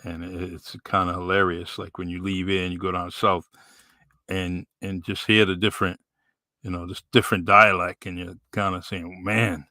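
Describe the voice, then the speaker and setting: Deep, bright-toned New England man. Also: normal speed, no echo. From New Bedford, Massachusetts. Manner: relaxed, rambling, many fillers. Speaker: podcast host. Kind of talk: casual live-stream chat.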